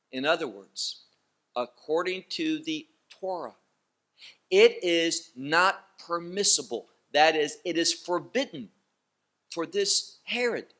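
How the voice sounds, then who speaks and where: Slow, emphatic male bible teacher. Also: on the high side, bright, forceful tone. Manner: slow, emphatic, with pointed repetition.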